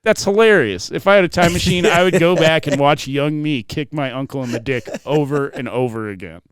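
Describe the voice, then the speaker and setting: Smooth-voiced man with a profane laugh. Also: on the high side, fairly quick, no echo. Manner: laughs often, profane, relaxed anecdote telling. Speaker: podcast co-host. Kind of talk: casual chat, storytelling.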